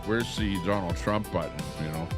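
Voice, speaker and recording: Middle-aged man, casual live host; rambling, ranty delivery, low-ish voice. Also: moderate pace, music in the background. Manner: rambling, ranting, full of filler words. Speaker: livestream host. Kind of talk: casual live-stream talk. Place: lakeside home, Alberta.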